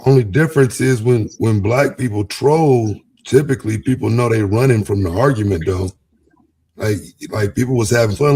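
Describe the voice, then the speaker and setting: A man's voice: on the low side, moderate pace, warm tone, breathy edge, dry recording. A man on a casual livestream panel, blunt and argumentative as he defends his point.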